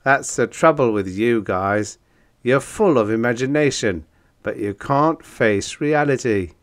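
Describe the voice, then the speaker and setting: Brief: wisecracking bug-eyed male monster, voiced by a male reader for an audiobook, breezy, matter-of-fact, lively lilt. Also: medium pitch, a little slow, lightly acted. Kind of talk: audiobook character voice.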